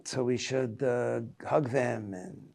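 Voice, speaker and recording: A man in his seventies, a rabbi giving a reflective Tisha B'Av lecture, telling personal stories in a halting way. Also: medium pitch, little pitch movement, creaky, a little mellow. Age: 70s.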